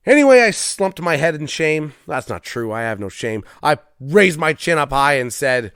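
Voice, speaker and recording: A man's voice: a little high, big pitch swings, normal speed, fairly bright tone, clear, resonant tone, no room sound, clean studio sound. A man hosting a solo comedy podcast from his garage, rambling, self-deprecating and swearing often. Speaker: podcast host. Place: home garage.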